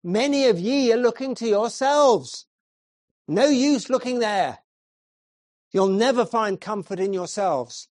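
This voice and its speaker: A man's voice: high-pitched, lively intonation, slow, long pauses, dry recording, studio quality, pitched above the performer's own voice. A man voicing a poor, plain-spoken lay preacher who fervently repeats his simple appeal. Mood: earnest, plain. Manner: pleading, insistent repetition.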